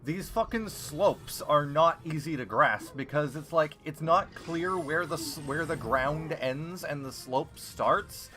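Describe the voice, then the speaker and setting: A man's voice: fairly high pitch, slow pace, few pauses. A man playing a game on stream, commenting casually and swearing in exasperation. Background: faint game music.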